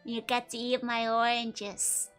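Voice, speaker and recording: A woman's voice: on the high side, monotone, slow pace, a bit bright, clean tone, faint music behind. A young woman from the Netherlands, chatting casually with viewers on a live stream, giggling constantly and teasing playfully. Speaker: VTuber streamer.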